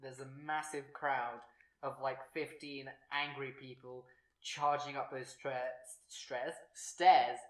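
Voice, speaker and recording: A man's voice: mid-range voice, steady tone, slow, a bit bright, distant mic. A man running a tabletop game as game master, narrating in a rambling, hesitant way. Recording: echoey room, off-mic.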